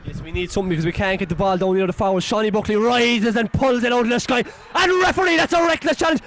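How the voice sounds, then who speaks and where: Irish man, partisan match commentator, very high voice, excitable, scolds players. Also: fast talker. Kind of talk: partisan local sports commentary.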